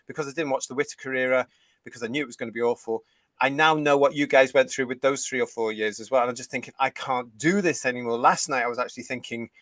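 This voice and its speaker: A man's voice: medium pitch, steady tone, fast, a bit bright, no room sound. An older British man hosting a live stream, indignantly reading out chat comments. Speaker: host.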